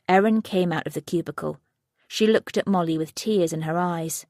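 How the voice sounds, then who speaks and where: A woman narrating a thriller audiobook in a steady, even reading voice. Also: lowish voice, normal speed, dry recording, studio quality. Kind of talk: scripted narration.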